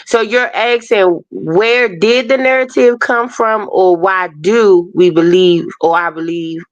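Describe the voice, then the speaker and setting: A woman on a live-stream panel speaks in a measured, careful way, hedging her points and apologizing often. Her voice sits at an ordinary middle pitch. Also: no room sound, highs cut off. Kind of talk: casual live-stream discussion.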